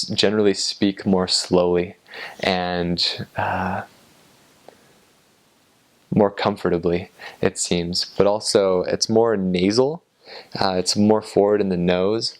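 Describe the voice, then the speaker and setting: A man and former missionary explaining in a relaxed, hesitant way, pausing often on fillers. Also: low-pitched. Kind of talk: casual spoken explainer.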